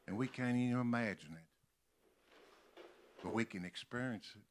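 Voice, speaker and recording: An older man from Kentucky preaching a sermon in a church, slowly stressing and repeating key words. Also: mid-range voice. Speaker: pastor. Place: church sanctuary.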